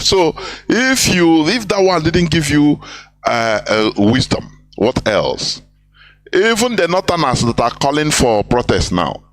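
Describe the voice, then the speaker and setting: A man hosting a live call-in broadcast, lecturing listeners with frequent hesitant fillers. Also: medium pitch. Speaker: host.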